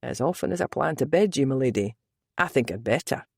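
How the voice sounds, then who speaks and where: Scottish lover, gruff and murmuring low, read by a woman narrator, dry close audiobook sound. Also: expressive, a little fast, no room sound. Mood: tender.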